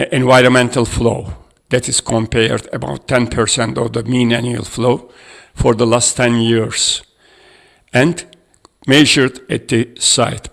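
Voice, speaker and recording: Slow, gravelly man. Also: mid-range voice, a bit bright. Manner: halting, hesitant delivery reading out figures. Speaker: conference presenter. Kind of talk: academic conference presentation. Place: conference room.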